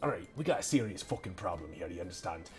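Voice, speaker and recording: A man voicing a foul-mouthed, gruff male tavern keeper who talks bluntly and bosses people around. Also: sits low, lively intonation, fast talker, faint music behind, pitched below the performer's own voice. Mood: irritated. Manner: swears constantly, blunt and bossy.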